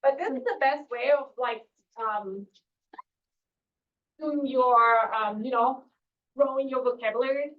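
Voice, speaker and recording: A woman's voice: high voice, a little slow, pauses often, roomy sound. A woman teaching a beginner language class, patiently repeating words and using lots of fillers. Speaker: German teacher. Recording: distant mic, dull lo-fi classroom recording.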